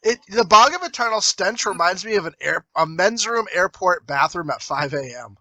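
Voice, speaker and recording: Bright, lively, high-voiced man. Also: dry recording, rough recording. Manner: teasing, quick to laugh. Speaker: podcast co-host. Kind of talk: casual crude comedy chat.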